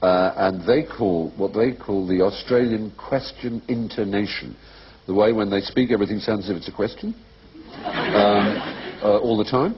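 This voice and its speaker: An Englishman speaking as a guest on a comic panel show, witty and animated, often slipping into quick impressions of other people. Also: fairly low pitch. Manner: witty, animated, mimics voices. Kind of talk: comic studio chat. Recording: muffled TV recording with steady background noise.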